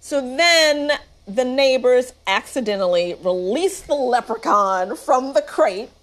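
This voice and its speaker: A woman giving a casual, sarcastic and playful recap of a movie. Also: a little high. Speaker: movie reviewer.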